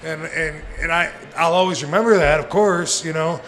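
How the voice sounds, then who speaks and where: A man's voice: fairly high pitch, normal speed, a bit bright. A man in his forties telling rambling, profane stories with frequent laughter as a guest on a live podcast show. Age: 40s. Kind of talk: casual storytelling on a live podcast. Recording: live venue with long reverb and faint noise.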